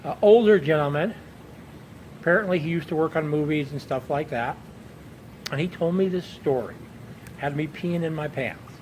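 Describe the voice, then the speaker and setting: A man's voice: fairly high pitch, moderate pace, pauses often, darkish tone, a little hiss or hum, rough recording. A man chatting casually as a vlogger, telling a rambling, chuckling story while outdoors on a bench at night. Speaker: pipe-smoking vlogger. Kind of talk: casual chat.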